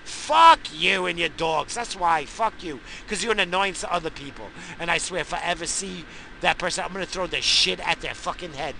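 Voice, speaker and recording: A man in a profane, angry rant who swears constantly and bursts into shouting. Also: a little high, expressive, normal speed, vocal fry, slight background noise, low-quality recording.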